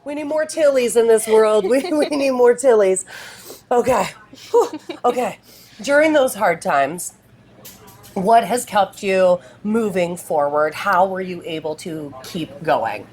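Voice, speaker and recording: A woman's voice: medium pitch, lively intonation, a little slow, a little mellow. A woman, hosting a talk show, who speaks in an effusive, gushing way and gets tearful. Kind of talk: emotional interview talk.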